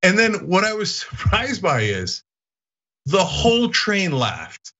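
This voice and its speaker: Animated man telling stories. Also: high-pitched, takes it slowly, highs cut off. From Istanbul, Turkey. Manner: animated storyteller, voice jumps up when excited. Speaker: podcast host. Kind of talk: casual chat.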